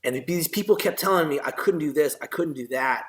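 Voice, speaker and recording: A man's voice: on the high side, fairly quick, fairly bright tone. A man, a military veteran, earnestly telling his personal story as a guest in a podcast interview, with many fillers and tag questions.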